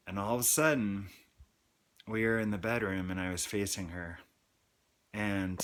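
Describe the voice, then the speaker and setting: A man in his thirties gives a personal testimony on his own channel. His voice sits a little low, and he talks very slowly. He halts, restarts and comes back to his words in a confessional way. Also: a bit bright. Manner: slow, halting and confessional, with repeated restarts. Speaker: channel host.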